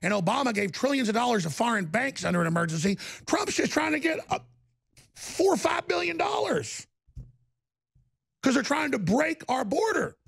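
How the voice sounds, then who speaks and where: Gravelly, sarcastic male commentator. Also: extremely high pitch, big pitch swings, normal speed, fairly bright tone. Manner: ranting, sarcastic, jumps between mock voices. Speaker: political commentary host. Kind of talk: heated political commentary.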